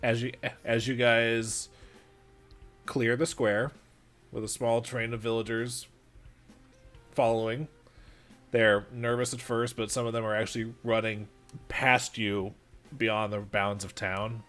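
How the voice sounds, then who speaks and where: Bright-voiced man narrating as game master. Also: mid-range voice, flat delivery, slow, pauses often, soft background music. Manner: stammering restarts while narrating.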